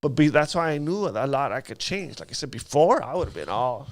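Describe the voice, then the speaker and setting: A man's voice: mid-range voice, big pitch swings, a little fast, no echo. A man telling his life story in a casual interview, using street slang and acting out sounds.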